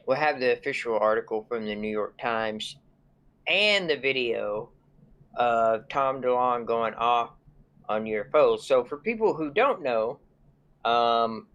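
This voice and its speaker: Slow, laid-back man chatting. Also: mid-range voice, fairly bright tone. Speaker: podcast co-host. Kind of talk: casual chat.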